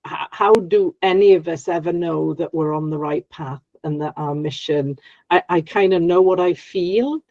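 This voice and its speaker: A woman's voice: fairly low pitch, moderate pace, dry recording. A woman client asking a spiritual coach questions, hesitant and stammering over her words. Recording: dull, dry video-call audio.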